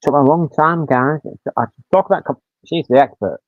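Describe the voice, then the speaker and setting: A man's voice: fairly high pitch, moderate pace, dry recording. A man in his fifties, chatting casually as a livestream host and rambling through stories with frequent mild swearing. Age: 50s. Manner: rambling storyteller, swears casually, acts out quotes. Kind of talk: casual chat. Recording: tinny, dry phone-like sound.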